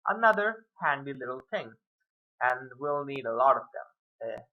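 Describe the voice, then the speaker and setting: A man's voice: mid-range voice, big pitch swings, moderate pace, dull audio. A man giving a casual whiteboard math lesson, rambling and muttering self-mocking asides as he works through the steps. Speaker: math tutor.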